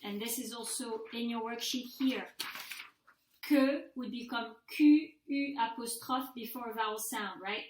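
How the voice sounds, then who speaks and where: A woman language teacher records a mini-lecture for her students, explaining step by step and saying each example sentence aloud. Her voice sits a little high. The room around her rings with a noticeable echo. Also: unhurried, slight background noise. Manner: patient, methodical, models example sentences aloud. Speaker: French language instructor. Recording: echoey room.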